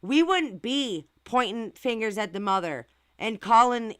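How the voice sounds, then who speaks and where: A woman's voice: a little high, lively intonation, measured pace, fairly bright tone, smooth, no room sound, studio quality. A woman hosting a casual livestream who reads viewer comments and reacts in an outspoken, indignant way with rhetorical questions. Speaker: channel host reading viewer comments.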